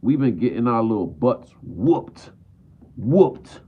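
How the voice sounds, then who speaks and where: A man's voice: medium pitch, lively intonation, normal speed. Man, frustrated sports fan, live stream rant, repetitive, keeps saying "man", tinny phone-quality audio.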